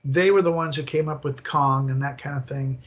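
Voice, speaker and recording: An older man telling animated, rambling stories as a guest in an interview, acting out the scenes as he goes. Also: medium pitch, moderate pace, lo-fi sound. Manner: animated, rambling storyteller who acts out scenes. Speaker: guest, attraction designer. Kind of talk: casual interview storytelling.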